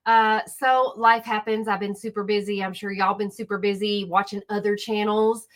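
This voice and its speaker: A woman's voice: medium pitch, moderate pace. A woman hosting a casual reaction commentary channel, chatty and talking straight to her viewers. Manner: chatty, animated, speaks directly to viewers. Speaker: YouTube commentary host.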